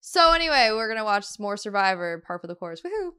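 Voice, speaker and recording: A woman's voice: mid-range voice, sing-song, fast talker, bright, forceful tone, smooth, no room sound, clean studio sound. A woman co-hosting a podcast in casual chat, giggling often and trailing off with fillers. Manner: giggly, laughs often mid-sentence; trailing filler-heavy phrasing. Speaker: podcast co-host.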